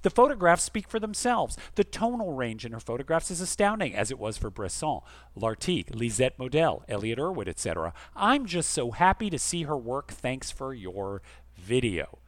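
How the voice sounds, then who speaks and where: A man co-hosting a podcast, reading listener emails aloud expressively and going quiet and soft for the serious ones. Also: normal speed, dry recording. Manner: expressive reader, dropping soft and low for serious letters. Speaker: podcast co-host.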